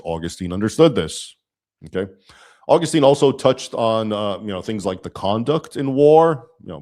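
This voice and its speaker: A man's voice: lowish voice, darkish tone. A man hosting a livestream, explaining in a lecturing manner and often checking in with "okay?". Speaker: livestream host.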